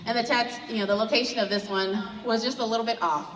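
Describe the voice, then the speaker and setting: Woman stand-up comic, animated storyteller doing family voices, recorded from across a reverberant event hall. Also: fairly high pitch, fast talker. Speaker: stand-up comedian. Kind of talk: stand-up comedy set. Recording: roomy hall, voice from far off.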